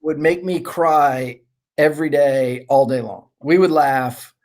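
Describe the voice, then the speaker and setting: A middle-aged man, a former ballplayer and guest, telling rambling, animated anecdotes in casual conversation. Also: a little high, slow. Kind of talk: casual storytelling.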